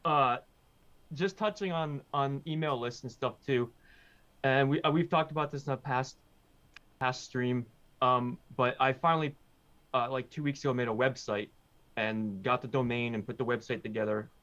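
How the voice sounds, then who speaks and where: A man's voice: medium pitch, moderate pace. Easygoing man on dull lo-fi audio. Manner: easygoing, steady, offers opinions. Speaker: guest musician. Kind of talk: casual livestream chat.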